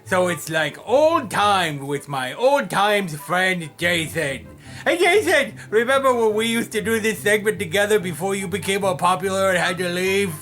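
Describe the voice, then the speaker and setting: A man's voice: sits high, animated, normal speed, pushed and bright, faint music behind. A man playing Oswald, a silly childlike man who rambles cheerfully and obliviously.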